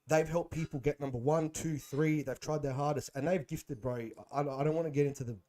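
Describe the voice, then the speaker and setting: A young man, a guest on a podcast, telling animated stories in slangy casual chat. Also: on the high side, brisk. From Australia. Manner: animated storytelling, slangy, says bro and man.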